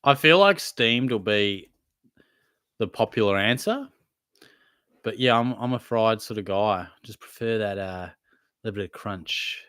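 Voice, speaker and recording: A man's voice: lowish voice, expressive, measured pace, long pauses, fairly bright tone, smooth, no echo, clean studio sound. A young man hosting a casual live Q&A, reading out viewers' questions and answering them in a laid-back, matey way. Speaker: livestream host answering chat questions.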